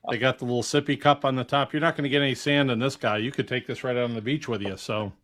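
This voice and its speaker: A man joins a talk show as a guest and keeps things playful. He jokes with the hosts in a relaxed, chatty way, at a middle pitch. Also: fast talker. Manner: joking, playful. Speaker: guest consultant. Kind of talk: casual chat.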